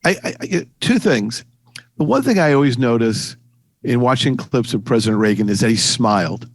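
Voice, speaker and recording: A man asks long, eager questions, often restarting his words mid-phrase. His mid-pitched voice sounds dry and close, with no room around it. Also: lively intonation, moderate pace, no room sound. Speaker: interviewer, attorney. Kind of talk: interview questions.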